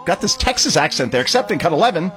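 A man's voice: high-pitched, sing-song, racing, a bit bright. A man hosting a talk radio show, giving opinionated commentary in a sarcastic, emphatic way.

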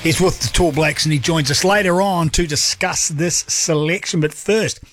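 Upbeat New Zealand sports radio host. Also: male voice, fairly high pitch, normal speed, a bit bright, no room sound, soft background music. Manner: upbeat, chatty, jokey. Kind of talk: radio talk show hosting. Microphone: studio microphone.

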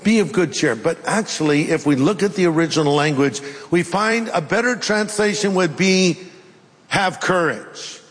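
A middle-aged man delivering a sermon in a fairly high voice, acting out scripture scenes with lively changes. His words ring with the long reverb of a large hall. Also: moderate pace. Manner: animated, acts out biblical dialogue in voices. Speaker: pastor.

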